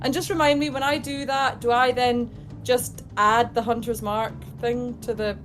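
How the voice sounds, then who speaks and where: A woman playing in a tabletop game, chatty and excitable as she describes her character's actions. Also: a little high, moderate pace, soft background music. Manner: excitable, chatty, laughs easily. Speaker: player. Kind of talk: casual tabletop play.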